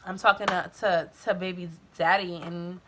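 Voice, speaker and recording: A woman's voice: on the low side, little pitch movement, normal speed, heavy background noise. A young woman telling a personal story in a candid, chatty way, swearing now and then and filling her talk with "like". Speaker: vlogger. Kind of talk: casual storytime. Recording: music playing under the voice.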